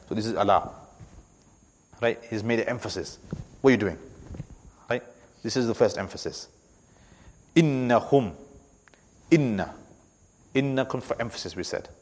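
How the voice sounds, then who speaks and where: A male religious teacher explains scripture to a class with insistent emphasis, repeating key words and checking in with his listeners. His voice sits at an ordinary middle pitch. It rings out with the long reverb of a large hall.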